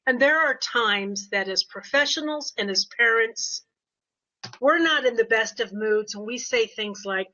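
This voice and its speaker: An older woman, a behavior consultant, speaking in a casual podcast interview and telling animated stories with quoted voices. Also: on the high side, a little slow. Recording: dull lo-fi audio.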